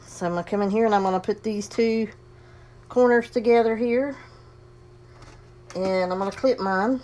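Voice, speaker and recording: Host, woman, casual crafting tutorial, folksy and talkative, mid-pitched, slightly heavy breathing. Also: moderate pace, dark tone. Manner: chatty, folksy, talks herself through the steps. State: breathing heavily. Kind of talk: casual sewing demonstration.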